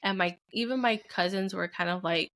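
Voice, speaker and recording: A woman's voice: mid-range voice, normal speed, a bit bright. A young adult woman, a podcast co-host and mother, talking candidly and from the heart in casual chat, with many "like" fillers. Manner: candid, heartfelt, heavy use of "like".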